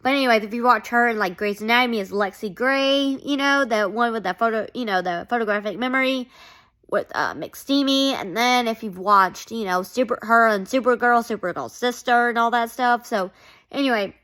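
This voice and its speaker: Woman, high voice, casual show recap, rambling, gushing. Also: normal speed, fairly bright tone. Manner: gushing, rambling, full of "like" and quoted reactions. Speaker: TV show reviewer.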